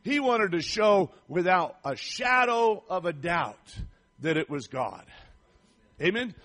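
A man preaching a fervent sermon, reading scripture and rising to shouts of praise. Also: sits high, big pitch swings, slow.

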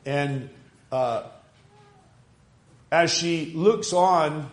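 A man's voice: fairly high pitch, extremely slow. Preacher man in an echoey room. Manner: retells a Bible story conversationally with many fillers and rhetorical asides. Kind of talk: sermon storytelling.

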